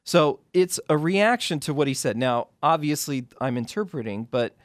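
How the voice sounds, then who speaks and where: A man's voice: on the high side, expressive, moderate pace, dry recording. A man talks as a guest film critic on a radio show. His delivery is loose and rambling, with frequent restarts as he retells scenes. The studio sound is dry and close. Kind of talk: casual explanatory radio talk.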